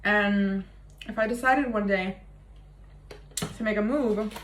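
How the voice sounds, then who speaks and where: A woman's voice: medium pitch, fairly even intonation, slow pace. A young woman vlogging in a casual, confessional way, chatty and self-mocking, swearing freely. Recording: echoey room with faint ambient noise.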